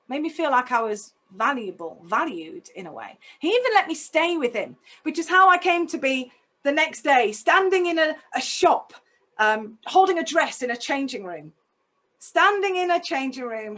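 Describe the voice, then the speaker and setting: A woman's voice: high voice, a bit bright. A woman telling a personal story in a talk, intense and emotional, putting direct questions to her listeners. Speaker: speaker.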